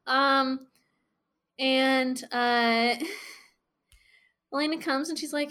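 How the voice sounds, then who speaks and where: A woman co-hosting a casual TV recap chat, animated and swearing freely as she acts out scenes. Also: high voice, very slow, pauses often, clean tone. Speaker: podcast co-host.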